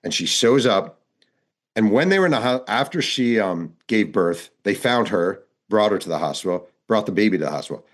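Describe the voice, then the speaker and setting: A man with a very low voice spins out a reporting story as an interview guest. He narrates vividly and slips into the voices of the people he quotes, keeping the story moving. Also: animated, brisk. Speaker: author and guest.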